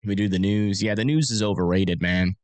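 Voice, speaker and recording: A man's voice: lowish voice, fairly even intonation, brisk, darkish tone, no echo. A man hosting a casual livestream, chatting with viewers and talking through storm forecasts in a rambling, filler-heavy way.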